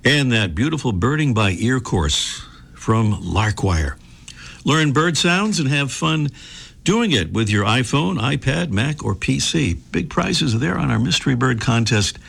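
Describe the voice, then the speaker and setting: A man's voice: mid-range voice, animated, a little slow, vocal fry, fairly bright tone, breathy edge. A male radio show host reading sponsor credits and bantering easily with his guest. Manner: easygoing, joking banter.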